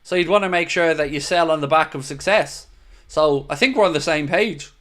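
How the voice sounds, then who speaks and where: This man's voice is on the high side and a bit bright, and he speaks fairly quickly. As host of a football fan livestream he reads viewer comments in casual chat, answering them earnestly and opinionatedly while talking straight to viewers with "mate".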